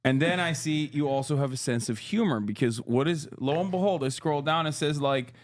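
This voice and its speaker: A man's voice: on the high side, fairly quick. A man on a podcast in casual group chat, teasing and playing out a bit. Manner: playful, teasing.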